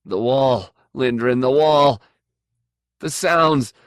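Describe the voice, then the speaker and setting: A man's voice: mid-range voice, drawn-out words, dark tone, dry recording, studio quality. A man voicing a nervous crewman aboard a starship, frantic, with his voice raised and breathless. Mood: panicked. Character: panicked nervous man crew member.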